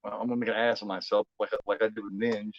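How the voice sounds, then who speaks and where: A man's voice: on the low side, level tone, racing, dry recording, lo-fi sound. A man from Indiana with a Midwestern American accent, hosting a movie watch-along stream in loose casual chat, rambling and repeating his words. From United States.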